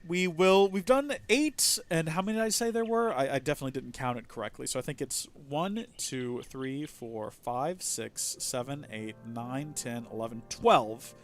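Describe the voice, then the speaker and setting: Faint music plays behind this let's play streamer, who talks at a moderate pace in a mid-range voice and hardly pauses. He rambles chattily over his game, thinking out loud and frequently starting sentences over.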